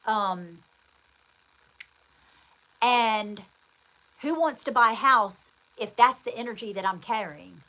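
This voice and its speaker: A woman's voice: fairly high pitch, slow pace, pauses often, sharp tone, poor audio. A woman host telling a long personal story in casual chat, rambling and speaking straight to her listener with endearments. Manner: chatty, rambling, addresses the listener directly with endearments.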